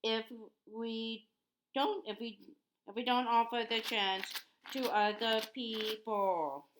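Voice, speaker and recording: A woman voicing an earnest, bossy teenage schoolgirl witch in her own voice, with halting restarts. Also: a little high, noisy background. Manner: insistent, restarting often.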